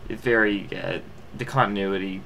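A man's voice: fairly low pitch, steady tone, normal speed, gravelly, bright, forceful tone, a little hiss or hum. A young man giving a casual movie review, rambling with lots of fillers and restarts.

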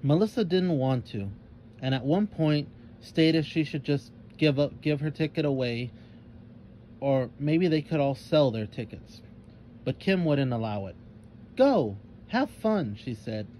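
A man narrating a children's story aloud, expressive and at a middling pitch. A faint room hum sits behind his voice. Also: unhurried.

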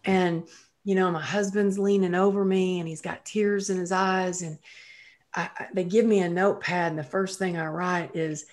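A woman's voice: lowish voice, fairly even intonation, normal speed. A middle-aged woman, a guest on an interview podcast, telling her life story vividly and acting out the lines she quotes.

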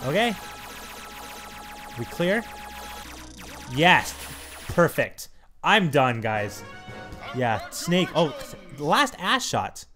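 A young man commentates his gameplay in a rant, swearing at the game characters and breaking into sudden loud outbursts. His fairly high, bright voice swings widely in pitch. Faint music plays behind him. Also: sing-song, drawn-out words, pauses often. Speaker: let's play gamer.

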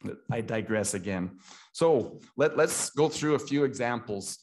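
A man's voice: medium pitch, expressive, a little slow, darkish tone. A middle-aged Canadian man giving an impassioned talk at a political meeting, repeating himself and restarting often as he grows emotional.

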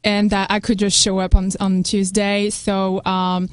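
A woman's voice: medium pitch, flat delivery, unhurried, clean tone, dry recording. A woman whose first language is French, co-hosting a radio show in a casual, hesitant way, with many fillers. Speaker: co-host. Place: radio studio.

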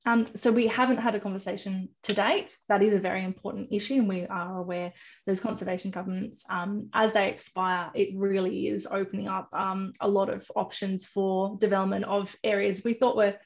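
Female panelist, flat and creaky delivery, hesitant, lo-fi call sound. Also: mid-range voice, brisk. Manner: hesitant, many fillers. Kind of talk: panel discussion answers.

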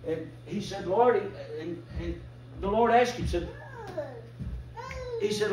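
Fervent older preacher in echoey church. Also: male voice, sits high, slow, distant mic, a crowd in the background. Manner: fervent Southern preaching with rising emphatic bursts. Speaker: visiting preacher. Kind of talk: revival sermon. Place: church sanctuary. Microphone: distant room mic. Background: congregation calling out responses.

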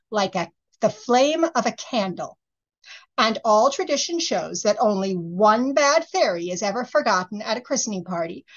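A woman's voice: fairly high pitch, heavily acted. Fairy-tale king, read by a woman: firm, reasonable, lecturing, storybook, muffled audio. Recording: slightly muffled recording.

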